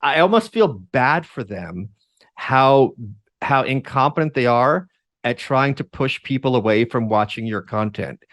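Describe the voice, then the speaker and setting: A man hosting a casual conversation, wry and joking, quick to mimic others. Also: medium pitch, expressive, a bit bright. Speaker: host.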